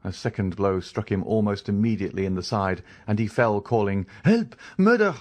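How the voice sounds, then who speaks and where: Low-voiced male audiobook narrator. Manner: even, measured storytelling. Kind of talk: scripted narration of a classic novel.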